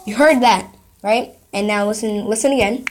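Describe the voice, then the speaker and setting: A woman's voice: mid-range voice, moderate pace, very noisy. A woman vlogger in casual chat, playing sound effects from an app and reacting with giggly, playful commentary.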